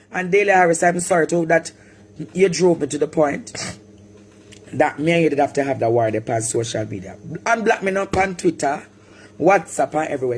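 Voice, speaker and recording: A man with a Jamaican accent ranting in a live-stream monologue, breaking into shouts and sing-song cries. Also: on the high side, expressive, a little fast, slight background noise.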